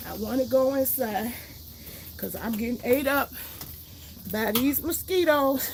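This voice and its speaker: Casual livestream host, woman, outspoken ranting, gravelly voice. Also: sits high, a little slow, noisy background. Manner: ranting, outspoken, swears freely. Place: garden outdoors, then indoors.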